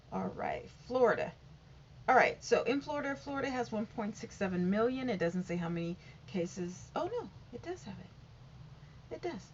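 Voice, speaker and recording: A woman's voice: mid-range voice, dull audio, slight background noise. A woman vlogging from home, reading out statistics in a rambling, casual way and often stumbling over and correcting the numbers. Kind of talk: casual update reading figures aloud.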